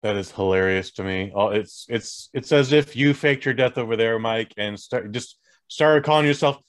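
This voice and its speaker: A man's voice: on the low side, moderate pace, no echo. A man co-hosting a podcast, reacting to his co-host's story and riffing on jokes. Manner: playful, riffs on jokes and reacts. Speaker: podcast co-host. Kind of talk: casual chat.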